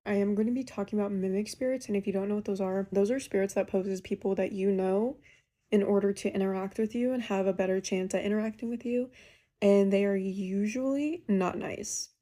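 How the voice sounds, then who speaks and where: A young woman casually telling a ghost story she lived through, in a chatty, animated way. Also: mid-range voice, brisk. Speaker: caller sharing a ghost story.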